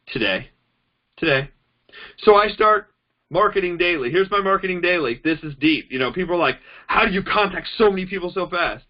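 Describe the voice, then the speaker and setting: A man's voice: sits high, a little fast, muffled recording. A man giving a casual training talk on network marketing, telling stories in a chatty way and acting out both sides of his conversations. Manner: chatty, animated storytelling, acts out quoted dialogue. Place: indoors, demonstrating on a phone.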